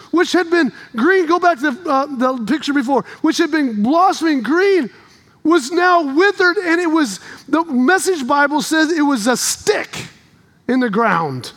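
A man preaching a sermon in a church, telling stories with animation and rising to shouts. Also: very high-pitched.

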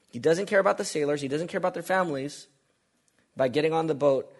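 A man's voice: on the high side, fast talker, slightly rough. A man preaching a sermon, emphatic and repetitive, asking the congregation rhetorical questions. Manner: emphatic, repeats phrases, asks rhetorical questions.

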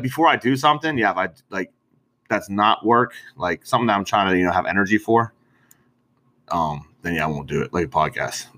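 Bright-voiced laid-back podcast guy. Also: medium pitch. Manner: laid-back, laughs often, says "bro" and "dude" a lot. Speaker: podcast co-host. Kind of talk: casual chat.

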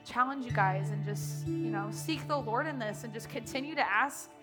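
Music plays in the background as a worship leader speaks impromptu in a church sanctuary, emotional and laughing through her words, with plenty of "like." Her voice is fairly high and her pace moderate.

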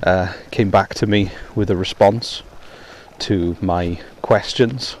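A deep-voiced man from Wales speaks slowly and with fairly even intonation as he hosts his own podcast. Walking outdoors in heavy rain with a hands-free headset, he rambles, mocks himself, and fills gaps with ums.

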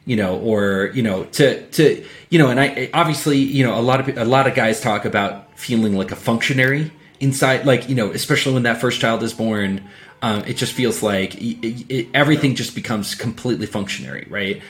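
A man's voice: medium pitch, brisk. Reflective male host, loose and chatty. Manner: reflective, frequent filler "you know", easy laughs. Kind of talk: casual chat.

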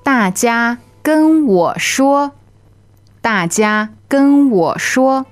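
A woman's voice: on the high side, lively intonation, very slow, soft background music. A woman whose first language is Chinese, co-hosting a lesson podcast and giving careful model pronunciation. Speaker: podcast co-host.

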